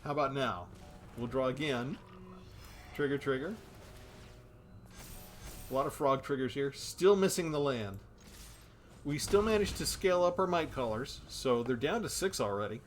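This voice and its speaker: A man's voice: mid-range voice, lively intonation, normal speed, pauses often, slight background noise. Chatty man narrating his card game. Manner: chatty, thinks aloud while playing. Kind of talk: casual gameplay commentary.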